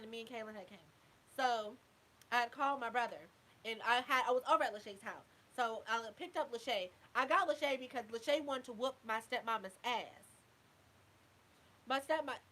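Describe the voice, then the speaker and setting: High bright-voiced woman telling stories. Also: poor audio. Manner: candid, profane, addresses listeners as y'all. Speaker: host. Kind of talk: casual storytelling.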